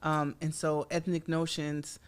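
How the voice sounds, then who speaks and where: A woman's voice: sits low, unhurried, clean tone. Woman in her forties, podcast guest, chatty storyteller, casual studio talk. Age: 40s. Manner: chatty, lively storytelling with frequent fillers and laughter. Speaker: guest artist. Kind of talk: casual interview chat.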